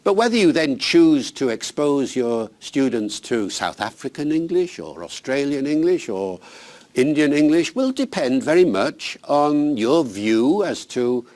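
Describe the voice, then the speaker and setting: An older man, a linguist, giving teachers unscripted advice in an animated, emphatic, conversational way. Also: mid-range voice. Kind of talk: unscripted explanatory talk.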